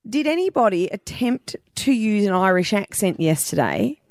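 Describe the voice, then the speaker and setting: A woman's voice: mid-range voice, very animated, normal speed, darkish tone, no room sound. A woman co-hosting breakfast radio in a studio, chatty and laughing often, with rambling restarts. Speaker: radio co-host. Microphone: studio microphone.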